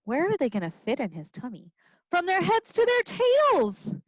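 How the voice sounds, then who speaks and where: A woman teacher reading a picture book and singing to young children in an expressive, playful way, with little gasps and asides. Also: high-pitched, normal speed, no echo. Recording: dry, slightly dull lo-fi sound.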